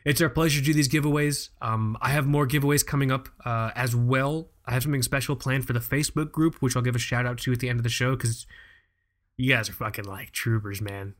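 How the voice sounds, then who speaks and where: A man's voice: mid-range voice, steady tone, quick pace. A man co-hosting a chatty podcast. He keeps it loose and joking and swears casually as he talks. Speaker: podcast co-host. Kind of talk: casual chat.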